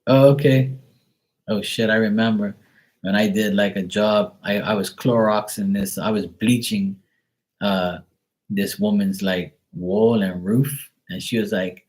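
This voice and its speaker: A man's voice: on the low side, steady tone, measured pace, a little mellow. A man reading tarot on a live stream, who chats casually and tells rambling, profane stories. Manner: blunt, profane, rambling storyteller. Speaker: tarot reader.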